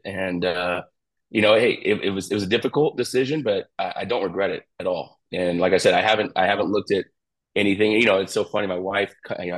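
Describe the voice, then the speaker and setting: A middle-aged man, a college pitching coach, talking casually in an interview and rambling with lots of fillers and restarts. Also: poor audio.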